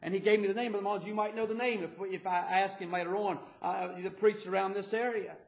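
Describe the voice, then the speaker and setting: High-pitched preacher guy, stammers and repeats himself, roomy echo. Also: fairly even intonation, fast talker, vocal fry. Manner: stammering repetitions, fervent preaching. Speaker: pastor. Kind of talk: sermon.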